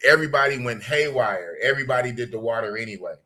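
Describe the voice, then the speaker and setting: A man's voice: medium pitch, expressive, fast talker, pushed and bright. A middle-aged man from the United States, hosting a casual podcast and reading out viewer comments in a blunt, slangy way that repeats its points. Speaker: podcast host. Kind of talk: casual podcast talk reading live chat.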